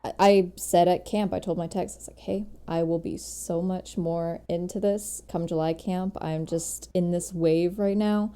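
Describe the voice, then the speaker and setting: Give me a candid, low-voiced woman co-hosting a casual podcast. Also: fairly even intonation, a little slow, hardly any pauses, dark tone, clear, resonant tone. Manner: candid, self-reflective, laughs at herself. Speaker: podcast co-host, color guard director. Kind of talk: casual chat.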